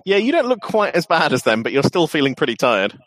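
A man's voice: fairly high pitch, big pitch swings, brisk, fairly bright tone, no room sound. A man narrating as game master in an online tabletop game, chatty and often laughing and restarting.

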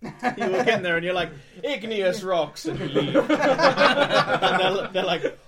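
A man's voice: high voice, lively intonation, slow pace, heavy background noise. A man playing a tabletop game, joking, teasing and laughing a lot. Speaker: player. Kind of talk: casual chat at a gaming table.

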